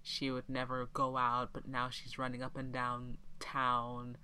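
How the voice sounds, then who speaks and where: A woman with a strikingly deep voice recaps a film in casual podcast talk, taking her time. She laughs often and acts out the characters as she goes. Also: unhurried, clear, resonant tone, poor audio. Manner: laughs often, animated retellings.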